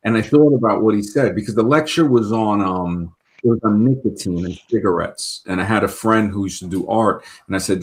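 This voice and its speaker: Low-voiced New host, chatty and rambling, trips over his own words. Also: fairly quick. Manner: rambling with many restarts and stammered repeats. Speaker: show host. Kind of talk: casual talk-show conversation.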